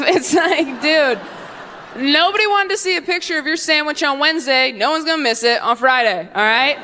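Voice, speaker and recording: A young woman comedian doing stand-up, with quick, sarcastic, punchy lines. Her voice sits somewhat high, and a faint hiss hangs under it. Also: pushed and bright. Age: 20s. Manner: brisk, sarcastic, punchy delivery.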